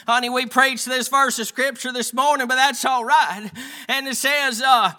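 A man's voice: very high voice, fairly even intonation, bright, forceful tone. A man preaching a folksy sermon, calling the congregation "honey" and reading scripture aloud with small stumbles. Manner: calls listeners "honey", reads scripture aloud haltingly.

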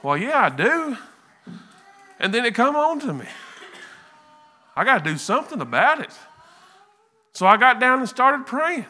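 Guy telling his church testimony, real earnest, stumbles and repeats, bright sharp voice that jumps all over. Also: very high voice, very animated. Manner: earnest, halting, repeats words. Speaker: church member giving testimony.

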